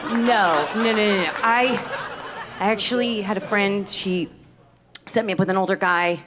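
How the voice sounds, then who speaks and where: A woman from Miami doing stand-up comedy, brash and animated, swearing freely on a live stage mic. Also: medium pitch, normal speed, background noise. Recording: live stage mic with loud crowd laughter.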